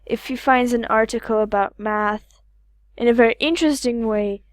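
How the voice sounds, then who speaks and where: A young student from Slovakia whose first language is Slovak, answering interview questions with short, plain replies. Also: female voice, a little high, steady tone, moderate pace, dry recording, studio quality. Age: teens. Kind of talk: casual interview.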